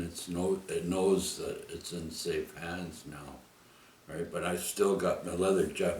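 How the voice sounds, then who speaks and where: A man's voice: low voice, recorded from a distance, a little hiss or hum. A man telling a personal story in a casual, rambling way, tagging his sentences with "eh?" and "right?". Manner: rambling, with frequent "eh?" and "right?" tags. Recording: echoey room, off the mic.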